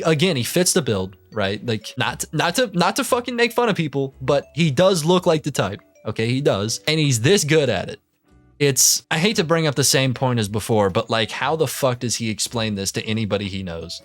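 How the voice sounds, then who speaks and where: A man's voice: medium pitch, a bit bright. A man doing casual reaction commentary, ranting in disbelief and swearing constantly. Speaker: commentary youtuber.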